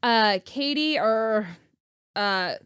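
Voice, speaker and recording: A woman co-hosting a podcast, her voice smooth and a little high. She tells animated stories with plenty of laughter. The sound is close and dry. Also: very slow, no room sound. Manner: laughs often, animated storytelling. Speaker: podcast co-host. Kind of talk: casual chat.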